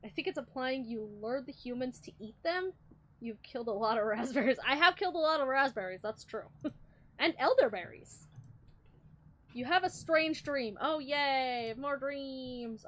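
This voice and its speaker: Young woman streamer, high and swingy, excitable and profane, reads game text aloud. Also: normal speed. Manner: excitable, profane, mock-indignant. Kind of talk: casual gameplay commentary, reading game text aloud.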